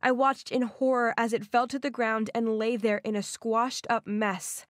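Expressive woman narrating a story. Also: on the high side, moderate pace, dry recording, studio quality.

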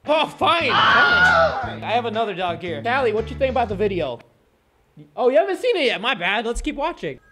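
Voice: mid-range voice, sing-song, fast talker, slight background noise. A reaction video host at home, commentating casually on funny clips, laughing often and chatting to their own dogs.

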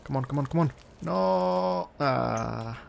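A man's voice: mid-range voice, steady tone, unhurried, creaky, darkish tone, slight background noise. A man casually commenting on his own survival game as he plays, muttering to himself and talking to the game. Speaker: let's play gamer.

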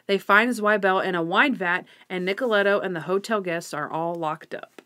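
A woman's voice: medium pitch, normal speed. A woman co-hosting a podcast, recapping episodes and chatting casually. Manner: relaxed, quotes lines in a playful voice. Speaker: podcast co-host.

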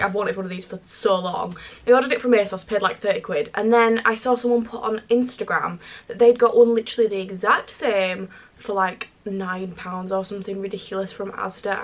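Chatty British woman vlogging at home. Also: mid-range voice. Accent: British English. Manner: chatty, gushing, full of fillers. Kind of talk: casual vlog chat. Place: bedroom at home.

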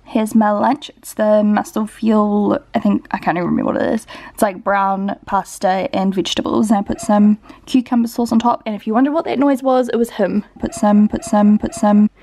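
A woman's voice: medium pitch, fairly even intonation, a little fast, gravelly, a little mellow. A woman, chatting casually in a home vlog and talking to her dog. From New Zealand. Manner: chatty, lots of "like" fillers, talks to her dog. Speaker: vlogger. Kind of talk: casual daily vlog chat. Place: home, indoors.

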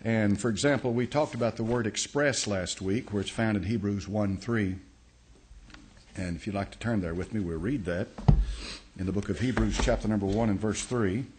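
Folksy pastor teaching a sermon. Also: male voice, on the low side, moderate pace, darkish tone. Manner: folksy, explains step by step, many restarts and uh.

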